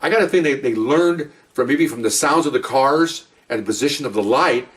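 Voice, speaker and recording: A middle-aged man spins his police stories at a quick clip, rambling and chatty, breaking off into asides and restarts. He sits a little back from the microphone, so his voice sounds slightly distant. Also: medium pitch, animated, a bit bright. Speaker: police officer telling stories. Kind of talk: casual spoken storytelling.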